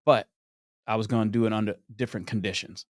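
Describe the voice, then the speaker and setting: Animated storytelling man, dry close sound. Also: on the low side, fast talker, no room sound. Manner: animated, acts out the people in his stories. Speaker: podcast guest. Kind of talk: storytelling in conversation.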